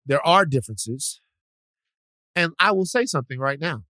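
A man from Louisiana co-hosting a podcast, talking in an animated, joking way full of restarts. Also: on the high side, moderate pace, dry recording. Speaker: podcast co-host. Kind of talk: casual chat.

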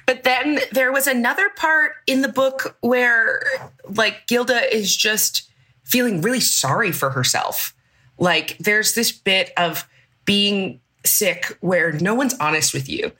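A woman's voice: medium pitch, pushed and bright. A woman guest on a podcast, talking candidly and reflectively in a casual chat. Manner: candid and reflective, quick to laugh.

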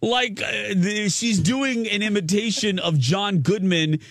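A man from the Chicago area hosting a morning radio show, chatting in an animated, jokey way into a studio microphone. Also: sits high, dry recording. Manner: animated, jokey, quick to laugh. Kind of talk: casual radio chat.

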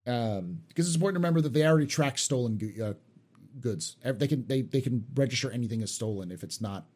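A man's voice: medium pitch, lively intonation, fast, darkish tone. Man hosting a casual panel chat. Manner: rambling, with many restarts and fillers. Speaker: show host reading viewer questions.

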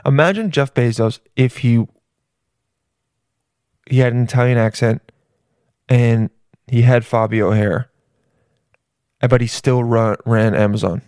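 A man's voice: mid-range voice, measured pace, long pauses, darkish tone, clean tone, no room sound. A man in the middle of a vulgar comedic riff, tumbling through restarts and profanity in an ordinary mid-range voice. The recording is dry and close, with no room sound. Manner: crude, rambling, with many restarts and swearing.

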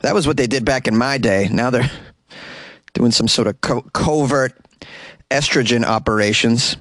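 A man's voice: mid-range voice, normal speed, a bit bright, no echo. A man with a Boston accent hosting a comedy news podcast, sarcastic and mocking, slipping into silly voices. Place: small closet.

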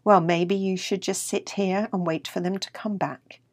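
A woman voicing a brisk, matter-of-fact big male blackbird in a read-aloud storybook. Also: mid-range voice, steady tone, a little mellow, no echo, studio quality, lightly acted.

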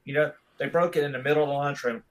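A man's voice: a little high, steady tone, very fast, poor audio. A man in his thirties telling a long school story in casual chat, rambling and laid-back, with "dude" in almost every sentence.

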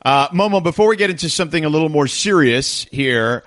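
A man in his thirties hosting a sports radio call-in show, reading phone numbers and promos quickly and chatting with many "uh" fillers. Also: on the high side, animated, fairly bright tone.

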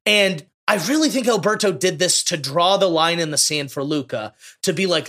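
A man with a high, bright, sharp voice chats casually as a podcast co-host. He gushes and gets openly emotional, piling on feeling. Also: expressive, moderate pace, hardly any pauses. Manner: effusive, emotional, gushing. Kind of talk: casual movie discussion.

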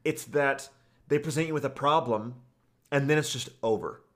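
A man's voice: medium pitch, moderate pace. A man co-hosting a podcast, talking casually about an anime and often stammering and repeating words. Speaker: podcast co-host.

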